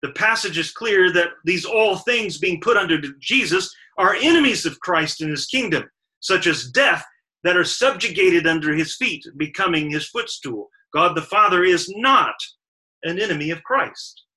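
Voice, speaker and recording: A man's voice: high-pitched, animated, normal speed, pushed and bright, rough recording. A man giving a Sabbath Bible study lecture, working carefully through verses and stressing strings of verbs one by one. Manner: methodical, stressing lists of verbs with emphasis. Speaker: Bible teacher.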